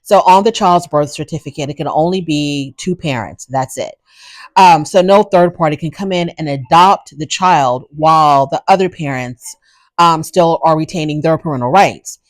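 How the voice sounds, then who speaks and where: A woman's voice: deep voice, normal speed, dry recording. A woman hosting a casual recap show, giving frank, opinionated commentary in a chatty way. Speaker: reality show recap host.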